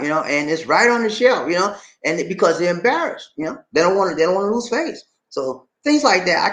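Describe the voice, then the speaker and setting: A man living abroad talking casually to his viewers, animated, acting out shop conversations and repeating phrases for emphasis. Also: medium pitch, reverberant. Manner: animated, acts out shop dialogues. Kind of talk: casual live-stream talk to viewers. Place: indoors, in the Philippines.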